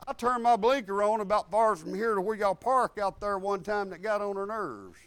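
A man preaching a sermon in a folksy, animated storytelling way. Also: high voice, normal speed, hardly any pauses, no room sound.

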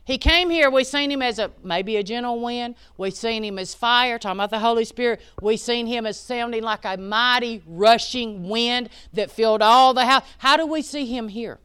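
A woman preaching a sermon, rising to loud emphatic peaks and dropping to hushed asides. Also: fairly high pitch, normal speed, few pauses, clean tone.

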